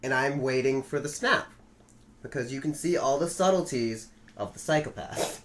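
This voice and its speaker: A man's voice: mid-range voice, normal speed, slight background noise. A young man hosting a podcast, recapping wrestling shows in casual, profane, joking chat. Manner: profane, joking, animated storyteller.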